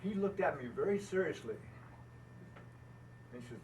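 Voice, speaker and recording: A man's voice: high voice, big pitch swings, unhurried, long pauses, a bit bright, far from the mic, a little hiss or hum, low-quality recording. An older American man telling folksy stories to an audience about building boats, laughing at himself as he goes. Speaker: boat builder speaking at an owners' gathering. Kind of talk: storytelling talk to an audience. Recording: faint ambience, speaker off the mic.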